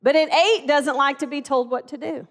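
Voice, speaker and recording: A woman's voice: high voice, normal speed. A middle-aged woman preaching a sermon in a conversational, storytelling way. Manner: conversational, animated storytelling with acted-out dialogue.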